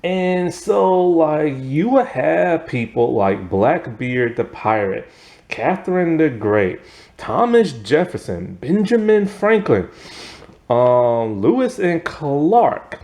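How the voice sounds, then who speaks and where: Animated, unhurried man rambling through a review. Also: fairly high pitch. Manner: rambling and animated, heavy on fillers, laughs often. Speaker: TV series reviewer. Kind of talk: casual spoken video review.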